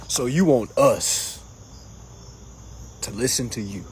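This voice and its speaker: A man hosting a casual livestream, answering comments in an animated, mocking way that swings between loud jokes and low asides. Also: slow, a little hiss or hum. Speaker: livestream host reading comments.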